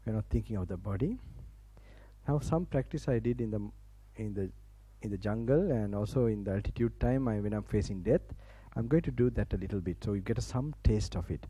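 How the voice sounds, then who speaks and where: Husky, dark-voiced Sri Lankan monk preaching. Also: male voice, fairly low pitch, a little fast, no echo, rough recording. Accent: Sri Lankan English. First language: Sinhala. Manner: chatty and informal, laughing often, with broken restarts. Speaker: Buddhist monk giving a Dhamma talk. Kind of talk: sermon with guided relaxation instructions. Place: university campus hall, live audience.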